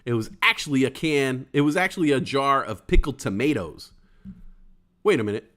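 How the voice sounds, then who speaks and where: A man's voice: medium pitch, normal speed. A man in his forties hosting a casual live stream, joking and reading chat comments aloud. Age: 40s. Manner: animated and jokey, acts out quoted voices. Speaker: livestream host reading chat.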